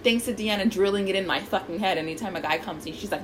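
Animated woman telling a story. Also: medium pitch, fairly quick, hardly any pauses, a little hiss or hum, rough recording. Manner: animated, swearing, acts out quotes. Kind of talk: casual storytelling chat.

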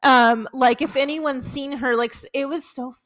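This woman in her twenties co-hosts a podcast and tells embarrassing stories in casual chat, laughing while she talks and saying "like" often. Her voice is high and a bit bright, with fairly even intonation and a moderate pace.

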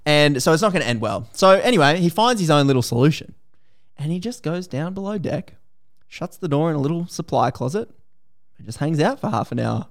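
An Australian man hosting a podcast, retelling a story in a casual, lively, slangy way. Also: fairly high pitch, fairly quick. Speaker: podcast host.

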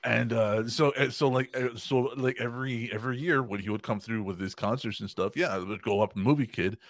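In a dry recording, a twenty-something man speaks fairly quickly in a steady, mid-range voice. He's casually telling a podcast story, laughing a lot, cursing freely, and imitating the things other people said.

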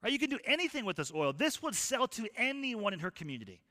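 A man preaching a sermon as a pastor, telling stories in an animated, folksy way. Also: very high-pitched, fast talker, long reverb tail.

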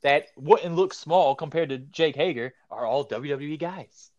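A young man co-hosting a casual wrestling podcast, excitable and profane, ranting his opinions. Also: on the high side, a little slow, no room sound, highs cut off. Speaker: podcast co-host.

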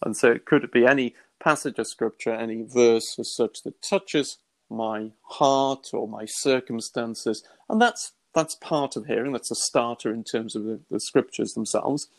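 A middle-aged Christian teacher speaks in an earnest, conversational way, acting out quoted thoughts with lively exclamations and restarting often. His voice is mid-range and his pace measured.

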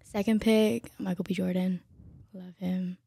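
A young woman guest on a podcast, soft-spoken and a little nervous, with quick comebacks. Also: on the low side, flat delivery, gravelly, husky. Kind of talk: casual chat.

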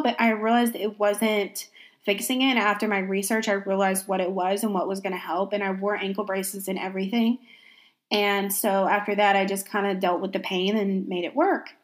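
A young woman speaks candidly about her own life in a casual, unscripted way. She sounds reflective, restarting her sentences and using plenty of "you know" as she works through her thoughts. Her voice sits at an ordinary middle pitch for a woman. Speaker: vlogger sharing a personal story. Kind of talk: casual personal storytelling.

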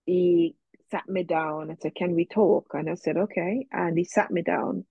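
A woman's voice: on the low side, very animated, moderate pace, creaky, husky, dry recording, dull audio. A woman guest in an interview, telling a personal story in a reflective way, with many fillers, and quoting herself and others.

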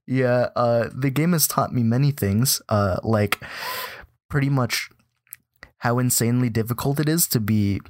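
A young man chatting casually on a podcast, rambling with lots of "like" fillers and breaking into a mock-excited high voice when joking. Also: a little slow, no room sound, clean studio sound. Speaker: podcast co-host. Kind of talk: casual chat.

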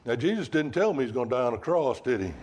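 A man's voice: medium pitch, animated, quick pace, darkish tone, a little hiss or hum. A male preacher delivering a sermon in a conversational way, asking the congregation rhetorical questions.

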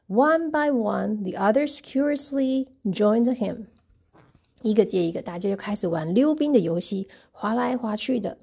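A woman reading a picture book aloud and retelling each page gently. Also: mid-range voice, vocal fry, breathy edge. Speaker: storybook reader.

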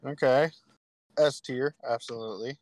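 A man co-hosting a casual chat, joking and profane, quick to laugh. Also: mid-range voice, steady tone, no echo. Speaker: podcast co-host.

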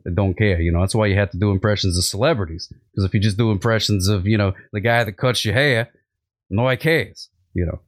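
A man's voice: lowish voice, fast talker, no room sound. Rambling man in dry comedic chat. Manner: rambling, full of fillers.

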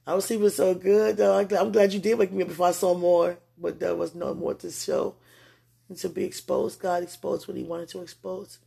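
A person who has just woken up, talking aloud to God in a spontaneous spiritual message. They ramble and swing from excited bursts to quiet murmurs. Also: mid-range voice, normal speed, gravelly, breathy edge. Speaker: spiritual vlogger.

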